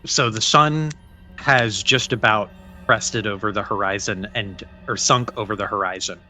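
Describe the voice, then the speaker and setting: A man running a tabletop game as game master, narrating in a relaxed, halting way. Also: on the low side, faint music behind.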